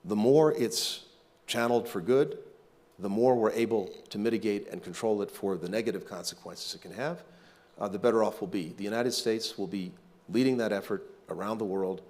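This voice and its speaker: A middle-aged man, a government official, answering questions in a panel interview in a measured way with frequent fillers. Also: lowish voice, darkish tone.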